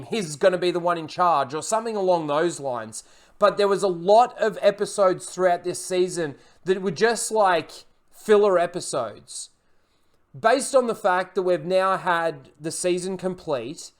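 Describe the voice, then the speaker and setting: A man with a high, smooth voice talks through an episode review in a loose, rambling way. He leans on fillers as he recaps, then turns bluntly critical and swears without holding back. It sounds like an off-the-cuff recap and review.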